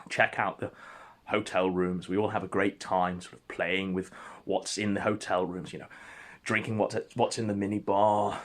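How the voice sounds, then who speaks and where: A man telling an absurd comic story in a mock-epic, deadpan way. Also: lowish voice. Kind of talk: comedic storytelling.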